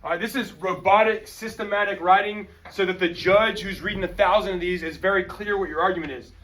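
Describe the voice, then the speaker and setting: A male teacher giving an energetic, slangy classroom lecture and calling on students. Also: high-pitched, fairly quick, distant mic, slight background noise. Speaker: high school history teacher.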